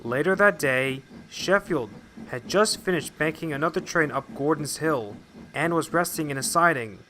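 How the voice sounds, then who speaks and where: A man reads out a storybook tale, brisk and even. His voice is bright and fairly high. He sounds scripted throughout. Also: a little hiss or hum. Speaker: narrator.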